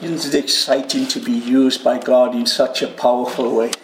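A man preaching a sermon to a congregation and viewers at home, crying out quoted prayers loudly and joking with his listeners. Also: medium pitch, flat delivery, normal speed, a little hiss or hum. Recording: roomy hall with faint ambience.

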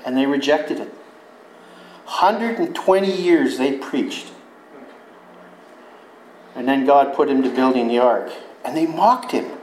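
Folksy preacher in an echoey room. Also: male voice, mid-range voice, slow, pauses often, a little mellow, slight background noise. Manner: folksy, conversational storytelling. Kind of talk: sermon.

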